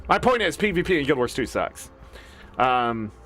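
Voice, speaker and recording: A man's voice: mid-range voice, big pitch swings, normal speed, fairly bright tone, a little hiss or hum. A man in his thirties streaming a game, ranting casually with profanity and switching into mock voices. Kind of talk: casual gaming rant.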